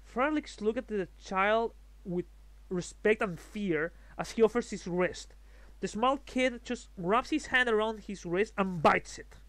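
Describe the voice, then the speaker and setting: A man running a tabletop role-playing game as game master, narrating scenes in a halting, descriptive way. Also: high voice, fairly bright tone, no room sound.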